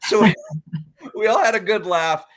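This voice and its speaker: A middle-aged man, an interview guest, telling a personal story in an earnest, reflective way with halting restarts. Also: sits high, a bit bright.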